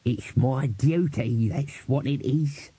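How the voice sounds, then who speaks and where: Cranky old servant guy, man putting it on, blustery mutters, dark husky tone, dry audiobook sound. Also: mid-range voice, takes it slowly, no echo. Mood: muttering. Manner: grumbling, blustering, working-class speech. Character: grumpy old male manservant, cantankerous. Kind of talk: audiobook character voice.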